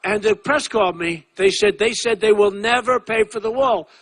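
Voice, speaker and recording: Hoarse-edged, bright-toned older man speaking at a rally. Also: high-pitched, normal speed. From United States. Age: 60s. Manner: repetitive, boastful, conversational with asides to the crowd. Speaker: political candidate speaking at a rally. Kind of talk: rally speech.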